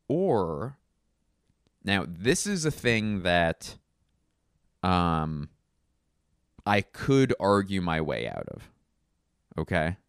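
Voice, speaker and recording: A man's voice: deep voice, vocal fry, clean tone, dry recording, clean studio sound. A man hosting a solo comedy podcast, rambling through wry, self-mocking tangents.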